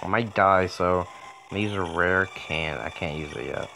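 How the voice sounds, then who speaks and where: A man's voice: low voice, unhurried, vocal fry, sharp tone, a little hiss or hum. A man casually commenting on a video game, joking, swearing and talking back to the game. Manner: joking, profane, talks to the game.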